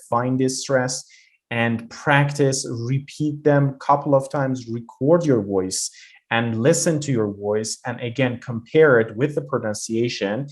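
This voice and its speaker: A man teaching a video lesson on English pronunciation. He speaks in a casual, encouraging way, explains step by step, and pauses on fillers. His voice sits at an average pitch.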